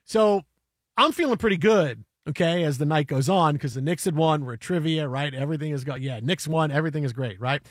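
A male radio host telling a story in animated chat, getting excitable and breaking into shouts and chants. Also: fairly high pitch, brisk, no echo, studio quality.

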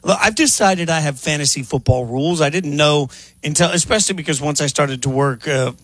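A man hosting a sports radio show, talking in an emphatic, animated way. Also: a little high, brisk, dry recording. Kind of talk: casual sports radio talk.

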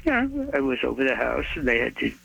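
Animated older man with a gravelly voice. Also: medium pitch, brisk. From United States. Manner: animated storyteller, acts out the people he quotes. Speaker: guest. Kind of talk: storytelling interview. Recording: dull muffled recording with faint hum.

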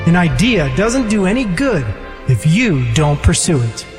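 A man's voice: sits high, sing-song, unhurried, soft background music. A man reading scripted narration for a radio story segment.

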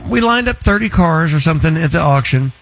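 A man's voice: a little high, animated, a little fast, vocal fry, a bit bright, slight background noise. A middle-aged man hosting a casual interview, blunt and teasing, often restarting his sentences. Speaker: host.

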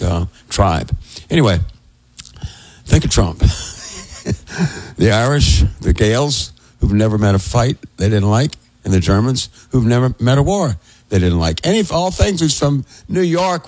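Rambling low-voiced male radio co-host. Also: darkish tone, no room sound, rough recording. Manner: rambling, digressive, chuckling asides. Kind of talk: casual radio talk.

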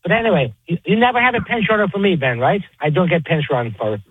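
A man's voice: high voice, fast talker, breathy edge, no echo. A man calling in to a radio show, chatting and cracking jokes over the phone. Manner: chatty, joking. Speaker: regular radio caller. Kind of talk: phone-in chat. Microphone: phone line. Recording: tinny phone line.

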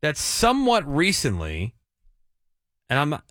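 A man's voice: on the high side, big pitch swings, normal speed, pushed and bright, no room sound, studio quality. A man hosting a casual radio show, teasing his co-hosts and building suspense before a break. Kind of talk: casual morning radio banter.

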